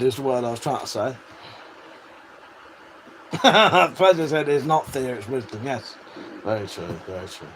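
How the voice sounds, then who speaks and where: A man's voice: mid-range voice, lively intonation, moderate pace, pauses often, a bit bright. A British man hosting a livestream, chatting casually, swearing freely and laughing often as he answers viewers. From United Kingdom. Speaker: livestream host. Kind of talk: casual livestream chat reading viewer comments. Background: faint fan hum.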